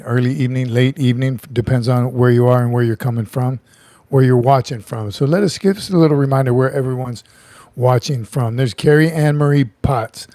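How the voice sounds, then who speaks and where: A man's voice: medium pitch, a little mellow, no echo. A middle-aged man hosting a casual livestream, chatty, joking and greeting viewers by name. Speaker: livestream host.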